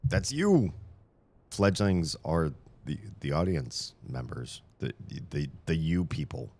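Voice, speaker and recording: A man's voice: low voice, big pitch swings, takes it slowly, a little mellow. A tired man hosting a live stream in casual chat, rambling and joking with frequent stammered restarts, into a studio microphone in a room with shelves.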